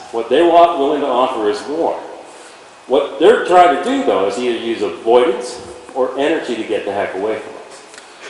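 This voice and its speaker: A man's voice: medium pitch, darkish tone. Man teaching in an echoey arena. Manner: talks to the horse while explaining. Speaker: horse trainer. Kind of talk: instructional demonstration. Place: indoor riding arena. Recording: very echoey arena with faint ambient noise.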